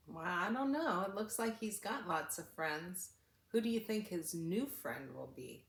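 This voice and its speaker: Animated older woman reading to kids. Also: on the low side, a little slow, echoey room. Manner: animated, asks the listening children questions. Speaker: children's story reader. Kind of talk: reading a picture book aloud to children.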